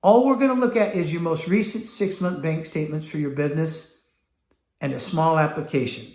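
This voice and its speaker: A man teaching a sales class, blunt and profane, acting out his pitch dialogue. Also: a little fast, darkish tone, roomy sound. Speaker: sales trainer.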